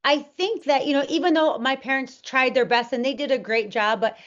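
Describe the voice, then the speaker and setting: Earnest woman telling her story, slightly higher voice. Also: fairly quick, a bit bright. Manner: earnest, many fillers and restarts. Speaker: interview guest. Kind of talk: candid personal storytelling. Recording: dull lo-fi audio.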